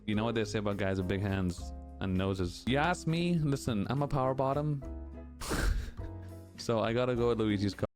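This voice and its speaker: Low-voiced man rambling candidly. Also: animated, moderate pace, over music. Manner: candid, rambling, full of "like" and "you know". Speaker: streamer answering chat questions. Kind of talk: casual chat.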